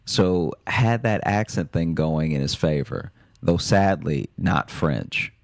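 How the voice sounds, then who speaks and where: Deep-voiced man telling comic stories. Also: lively intonation, slow pace, creaky, dry recording. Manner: dry storytelling with bursts of laughter. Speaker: comedian reading listener letters. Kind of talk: comic podcast chat.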